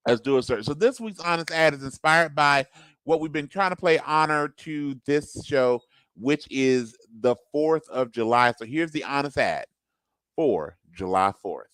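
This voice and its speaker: A man's voice: mid-range voice, lively intonation, moderate pace, fairly bright tone, smooth, no echo, rough recording. A man co-hosting a casual podcast, who thinks aloud with restarts and upbeat asides. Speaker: co-host.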